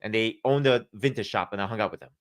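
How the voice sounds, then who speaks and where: A man's voice: fairly low pitch, quick pace. A man telling a long, rambling story on a casual podcast, full of swearing and fillers. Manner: profane, rambling, many fillers. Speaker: podcast guest.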